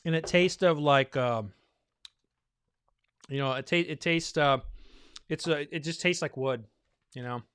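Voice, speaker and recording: Man, casual rambling host, thinking aloud, a little winded, smooth clear voice, dry close sound. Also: on the high side, a little slow, long pauses, fairly bright tone, no room sound. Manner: rambling, loose, thinking aloud with many fillers. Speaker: bourbon reviewer hosting a blind tasting. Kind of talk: casual live tasting chat.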